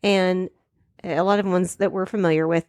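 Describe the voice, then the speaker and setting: A woman co-hosting a podcast, chatting casually about a movie, animated and often laughing. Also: fairly low pitch, normal speed, smooth, no echo, clean studio sound. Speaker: podcast co-host. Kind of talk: casual chat recapping a movie.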